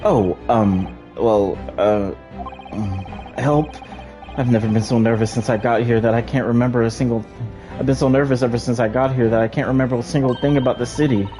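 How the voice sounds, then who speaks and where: A man's voice: medium pitch, fairly quick, pitched above the performer's own voice, close to an everyday voice. A man voicing a nervous young Japanese law student who talks hesitantly. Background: game music.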